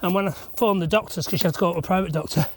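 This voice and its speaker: A man's voice: sits high, rapid-fire. Chatty man on site. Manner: rambling, chatty, self-deprecating. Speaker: self-builder vlogger. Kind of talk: casual vlog chat while working. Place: outdoor building site. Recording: noisy outdoor recording.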